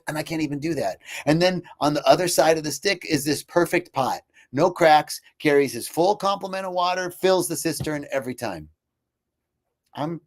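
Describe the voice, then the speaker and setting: A man's voice: fairly high pitch, natural voice. A man playing a mournful cracked clay pot. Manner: mournful, complaining. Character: sad, self-pitying cracked clay pot.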